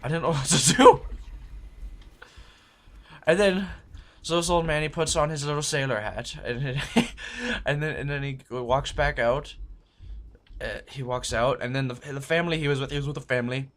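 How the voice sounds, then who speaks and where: Animated young man telling a story. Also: fairly high pitch, moderate pace, pauses often. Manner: animated, profane, acts out quoted voices. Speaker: server telling a work story. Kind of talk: casual storytelling vlog.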